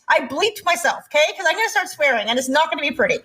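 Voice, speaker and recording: High-voiced woman ranting animatedly. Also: big pitch swings, fast talker, sharp tone. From Montreal area, Canada. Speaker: podcast co-host. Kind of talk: casual chat.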